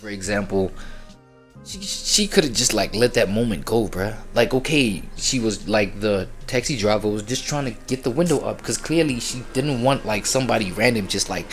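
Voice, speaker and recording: A man's voice: fairly low pitch, animated, normal speed, soft background music. Rambling slangy male reaction host. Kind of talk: casual reaction commentary.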